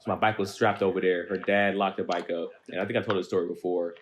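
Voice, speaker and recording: Young male co-host, lower voice, easygoing storyteller who fills pauses with "uh". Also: a little hiss or hum. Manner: relaxed, laid-back, trailing fillers. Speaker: podcast co-host. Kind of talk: casual storytelling chat.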